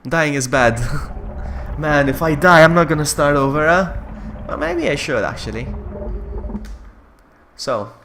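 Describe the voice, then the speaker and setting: A man streaming a horror game, talking to himself in casual commentary that swings from low muttering to frustrated yelling. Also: sing-song, slow, long pauses, noisy background.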